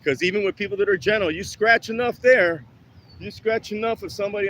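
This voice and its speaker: Traffic surrounds a man filming an outdoor workout vlog, out of breath between sets as he rants with heavy swearing. His voice sits high, brisk and a bit bright, and his manner is heated and preachy.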